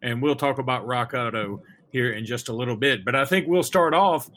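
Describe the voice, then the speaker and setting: A man's voice: mid-range voice, a little fast, a bit bright, a little hiss or hum. A young man hosting a casual sports podcast, chatting in a rambling, jokey way full of fillers. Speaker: podcast host.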